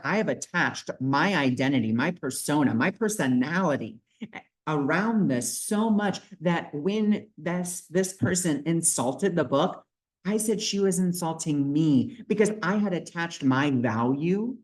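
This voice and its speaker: A man's voice: fairly high pitch, expressive, unhurried, rough recording. A man talking casually in a spiritual vlog, telling a personal story earnestly, with lots of "like" and "you know". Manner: personal storytelling with many fillers. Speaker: spiritual video creator.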